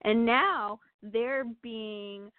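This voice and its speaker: A woman chats through a personal story in an animated way. She laughs often and uses many fillers. Her voice comes over a thin, phone-like line with a dry sound. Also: fairly high pitch, drawn-out words, clear, resonant tone, no room sound. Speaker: guest sharing testimony. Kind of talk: casual testimony chat.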